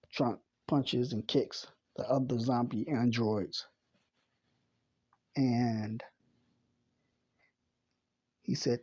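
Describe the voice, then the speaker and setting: A man reading a comic chapter aloud in a plain, unhurried way, correcting himself as he goes. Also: mid-range voice, fairly even intonation, mellow, slightly rough, lo-fi sound. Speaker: comic reader.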